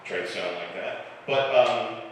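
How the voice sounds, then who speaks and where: A stand-up comedian in his forties from the Chicago area with a slightly softened Chicago accent, telling self-deprecating stories in a dry way with filler pauses. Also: lowish voice, recorded from a distance, a little hiss or hum. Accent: Chicago, mostly softened. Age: 40s. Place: live comedy club stage. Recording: echoey club hall, mic heard from afar.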